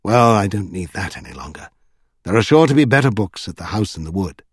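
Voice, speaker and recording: Quiet measured magician guy in a storybook, read by a man, dry close sound. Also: fairly low pitch, expressive, slightly rough, no room sound. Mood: calm. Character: adult male magician, quiet and thoughtful.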